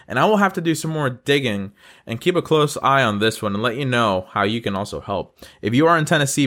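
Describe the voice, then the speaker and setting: Medium in pitch and a bit bright, this man's voice belongs to a North Carolina podcast host. He runs an upbeat good-news show and addresses listeners earnestly, with encouragement and affection.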